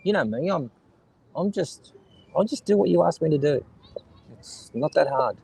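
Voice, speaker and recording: His voice is a little high, gravelly and slightly rough, with a darkish tone, expressive delivery and normal speed. The middle-aged Australian man rambles and jokes with his stream chat outdoors by the sea, kids and seagulls nearby, on a rough recording.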